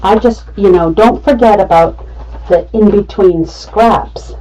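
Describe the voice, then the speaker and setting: A woman's voice: medium pitch, slow pace, warm tone, far from the mic, slight background noise, rough recording. A middle-aged woman running a live craft tutorial, chatty and talking herself through each cut. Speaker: craft demonstrator.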